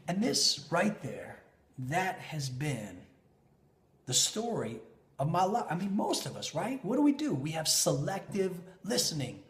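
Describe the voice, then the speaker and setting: A man in his thirties speaks as a leadership coach, telling a personal story with lively swings between loud and soft. His voice sits a little high. The sound bounces around an echoey room. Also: moderate pace. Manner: animated, with big swings in pitch and loudness. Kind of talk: motivational storytelling to camera.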